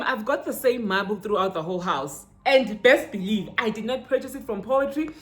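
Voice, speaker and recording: A young South African woman with a Zulu-inflected accent, a vlogger chatting through a shopping haul and mixing in Zulu words, her pitch jumping up when she gets excited. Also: normal speed, few pauses. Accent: South African, Zulu-inflected English. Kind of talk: casual haul unboxing chat. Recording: roomy echo with faint ambience.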